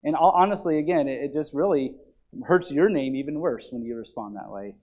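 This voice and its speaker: A man with a somewhat high voice delivers a Bible lesson. He is earnest and emphatic and repeats key phrases to press his point. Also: fairly quick, mellow. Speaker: Bible teacher.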